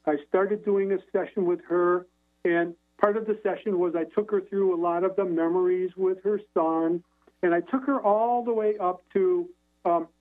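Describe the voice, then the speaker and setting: A man, a hypnotherapist guest, telling stories over a phone line in a rambling way, with many restarts and fillers. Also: sits high. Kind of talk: casual storytelling on a radio call-in.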